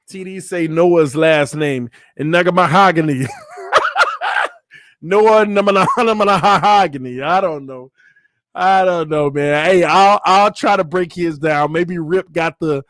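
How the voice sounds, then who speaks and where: A man's voice: a little high, fairly bright tone, no echo, clean studio sound. A man hosting a casual live-stream, reading viewer comments aloud, laughing and joking as he stumbles over names. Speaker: channel host.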